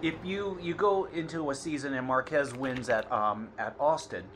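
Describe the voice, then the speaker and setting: A man's voice: medium pitch, normal speed, a bit bright, a little hiss or hum. A man co-hosting a podcast in casual chat, arguing his point and repeating himself, with jokey asides. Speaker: podcast co-host. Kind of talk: casual chat about motorcycle racing.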